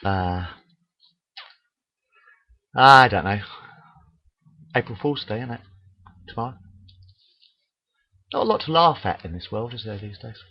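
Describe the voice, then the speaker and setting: A man rambles through crude jokes into his webcam, stopping often with "uh" and restarting. His voice sits at a middling pitch, and the dull, lo-fi webcam mic takes the edge off it. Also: lively intonation, a little slow, pauses often, slightly rough. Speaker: webcam vlogger telling jokes. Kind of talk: casual joke-telling monologue.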